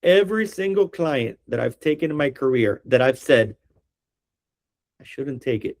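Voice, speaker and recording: A man's voice: mid-range voice, animated, moderate pace, darkish tone. A middle-aged man, an attorney, teaching a training class for real estate agents in a direct way, often checking in with the class.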